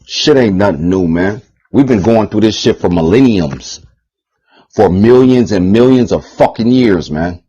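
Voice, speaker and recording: A man's voice: on the low side, expressive, a little slow, mellow, breathy edge, highs cut off. A man giving a rambling, heated, profane monologue on his channel, repeating himself and swearing often. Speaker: channel host.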